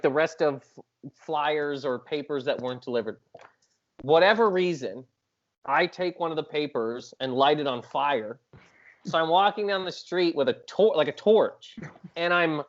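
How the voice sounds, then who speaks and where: A man guest on a podcast, telling stories in a casual chat, animated and self-mocking. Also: a little high, muffled recording.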